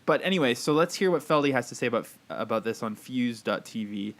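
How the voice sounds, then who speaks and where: A man's voice: mid-range voice, lively intonation, fairly quick. Rambling man co-hosting a podcast. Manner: rambling, many fillers, wry reading aloud. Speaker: podcast co-host. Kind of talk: casual chat.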